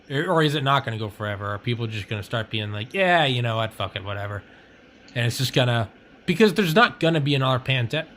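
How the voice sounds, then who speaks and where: A man's voice: a little high, a bit bright, slight background noise. A man rambling in casual chat, swearing freely and leaning on "like" and "you know.".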